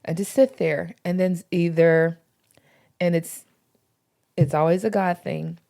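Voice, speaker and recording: A woman's voice: lowish voice, fairly even intonation, measured pace, creaky, mellow. A woman talking earnestly about faith in a casual podcast chat, with informal slang. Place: podcast recording.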